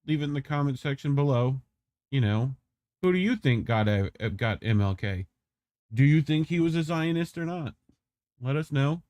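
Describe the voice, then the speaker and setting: A man's voice: fairly high pitch, expressive, normal speed, a little mellow, no echo. A man co-hosting an independent news livestream, talking in a chatty, loose way with lots of fillers. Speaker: news show co-host. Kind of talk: casual commentary on a livestream.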